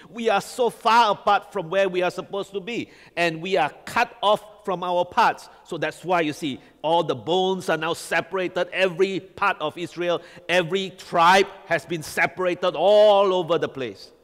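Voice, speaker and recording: A man's voice: sits high, fairly bright tone. A man preaching a sermon as pastor. He talks animatedly and keeps quizzing the congregation with "all right?". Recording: long hall reverb.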